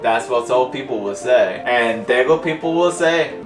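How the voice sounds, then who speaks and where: A man's voice: mid-range voice, lively intonation, normal speed. A young man with a Korean accent, hosting a casual language lesson and often laughing at himself. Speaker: host. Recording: roomy room with music behind.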